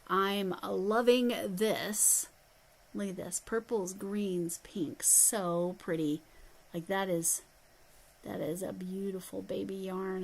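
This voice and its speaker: A woman's voice: mid-range voice, rough recording. Chatty woman hosting a yarn livestream. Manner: chatty, reads viewer comments aloud, handles yarn while talking. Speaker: livestream host. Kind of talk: casual livestream chat.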